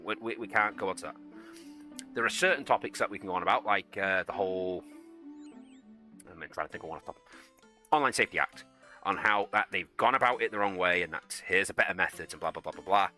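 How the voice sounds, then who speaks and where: Low, sharp-toned man rambling. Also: fast talker, soft background music. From United Kingdom. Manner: rambling, blunt, swears freely. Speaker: gaming streamer and soldier. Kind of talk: casual chat while gaming and reading chat.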